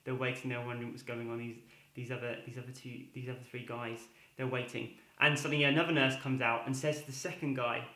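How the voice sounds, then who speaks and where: A man hosting a comedy show, telling jokes in a chatty, lively way. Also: mid-range voice, fast talker. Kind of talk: joke telling to camera. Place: home room. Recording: roomy echo.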